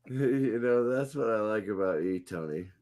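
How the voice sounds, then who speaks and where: A man hosting a casual live stream, talking slowly with many halting pauses. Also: fairly low pitch, lively intonation, a little mellow. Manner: slow, halting, lots of uh fillers. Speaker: stream host.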